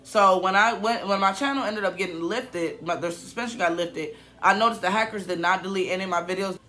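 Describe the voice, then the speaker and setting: A man's voice: sits high, fairly quick, sharp tone. A man in his twenties, a YouTuber, telling a rambling, upset story in a casual vlog, full of fillers and restarts. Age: 20s. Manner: upset, emotional.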